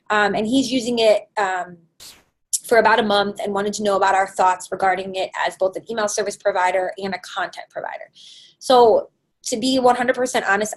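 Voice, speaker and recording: A woman's voice: medium pitch, low-quality recording. A woman hosting a live marketing webinar and answering questions in a conversational way with frequent fillers. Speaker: webinar host.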